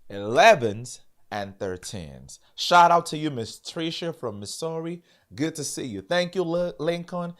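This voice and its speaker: Animated man teaching piano chords. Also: medium pitch. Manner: animated, repeats and quizzes viewers. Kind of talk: live-streamed music lesson.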